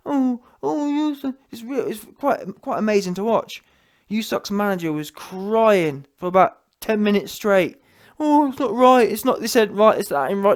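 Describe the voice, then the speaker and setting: Man, fired-up boxing rant, mocking, slangy, keeps adding "yeah". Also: sits high. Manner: heated, mocking, slangy, full of restarts and "yeah" tags. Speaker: boxing commentator. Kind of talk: ranting opinion vlog.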